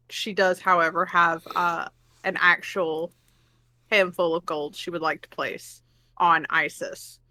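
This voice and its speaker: A woman's voice: on the low side, little pitch movement, measured pace, pushed and bright, no room sound. A woman playing in a tabletop game, giggling often between lines. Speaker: player. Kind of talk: tabletop role-play.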